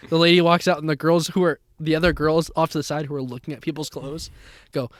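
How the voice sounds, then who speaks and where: A man's voice: fairly high pitch, level tone, quick pace. A young man co-hosting a casual podcast, telling a laughing anecdote and teasing his co-host. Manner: laughing anecdote teller who quotes people in the story, teasing. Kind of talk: casual chat.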